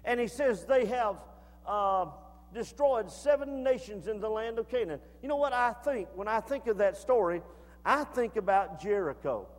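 A man preaching a sermon as pastor, in a folksy way that builds to shouted fervor. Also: high-pitched, lively intonation, moderate pace. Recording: long hall reverb.

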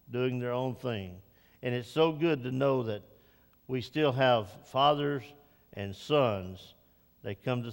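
This Father's Day sermon comes from an older man whose delivery climbs to loud, high, emphatic peaks and drops back to soft, slow reflection, with a long reverb tail on the recording.

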